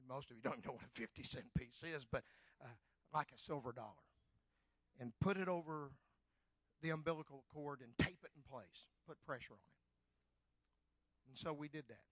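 An older man preaching a sermon, fervent and swelling loud on key phrases. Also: mid-range voice, normal speed, pauses often, no echo. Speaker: pastor.

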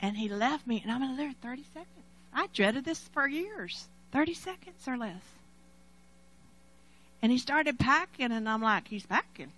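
A middle-aged woman preaching a sermon, telling a personal story dramatically, swinging from loud to hushed and laughing between lines. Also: high voice, expressive, moderate pace, rough recording.

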